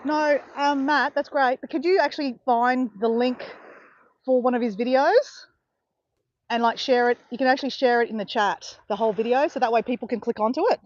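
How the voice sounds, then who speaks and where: Aussie lady rambling on a live beach walk, kinda high voice, dry dull phone sound. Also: steady tone, a little fast, dry recording. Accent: Australian. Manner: chatty, rambling, self-correcting. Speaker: vlogger streaming live. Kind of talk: casual live-stream chat while walking. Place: outdoors on a beach.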